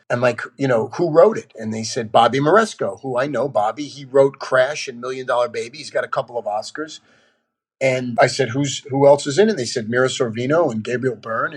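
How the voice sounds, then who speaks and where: A man's voice: medium pitch, breathy edge. A man, a guest on a podcast, telling candid stories bluntly and swearing casually. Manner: blunt, animated storyteller who swears casually. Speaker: actor guest.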